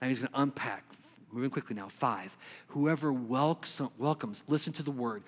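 A man preaching a sermon, swinging between quick emphatic bursts and slow, hushed lines. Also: mid-range voice. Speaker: pastor. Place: church sanctuary. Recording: long reverb of a church hall.

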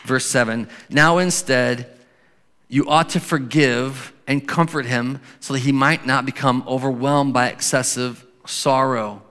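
A man's voice: medium pitch, steady tone, clear, resonant tone. Man preaching in a reverberant hall. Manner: conversational preaching, drops to soft slow scripture reading. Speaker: pastor. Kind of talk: sermon.

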